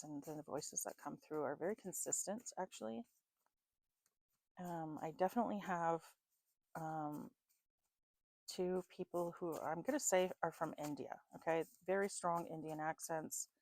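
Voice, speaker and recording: A woman's voice: sits low, a little mellow, dry recording. A North American woman doing a casual tarot and spirit box reading, musing aloud and often checking in with "okay?". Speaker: tarot reader.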